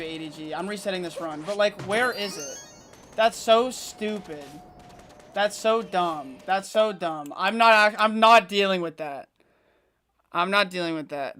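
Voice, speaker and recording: Laughing, excitable young man streaming. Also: high-pitched, slight background noise. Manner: excitable, self-mocking, laughs often, talks to chat. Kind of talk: casual live-stream chat while gaming.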